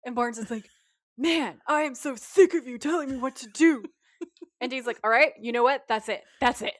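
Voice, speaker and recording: With a voice that sits high and a moderate pace, a woman co-hosts a podcast and casually recaps an episode. She retells scenes, quoting the characters' lines as she goes. The recording is clean studio sound with no room sound.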